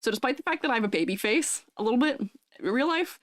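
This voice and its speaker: A young adult woman VTuber streamer with a high, youthful-sounding voice, chatting with viewers in a bubbly, giggly way. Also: expressive, fast, dry recording, studio quality. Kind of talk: casual live-stream chat.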